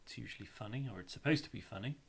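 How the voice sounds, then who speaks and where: A man's voice: fairly low pitch, racing, creaky, husky. A male teacher explaining a lesson step by step, chanting rhythms aloud to show the beat.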